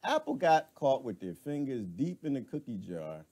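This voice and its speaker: Male streamer, lively swooping delivery, casual rant with laughs. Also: medium pitch, normal speed. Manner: animated, laughing, talks back to viewers; colloquial, drawling asides. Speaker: live stream host. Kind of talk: casual ranting monologue.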